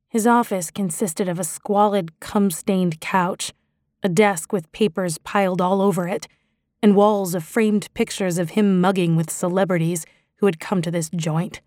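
A woman narrating a first-person novel in a steady, introspective storytelling voice. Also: on the low side, moderate pace, no echo, clean studio sound. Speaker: audiobook narrator.

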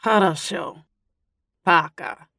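A woman voicing a calm, caring Russian man who speaks in halting, broken English with a Russian accent. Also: lowish voice, creaky, no room sound, clean studio sound, exaggerated voice.

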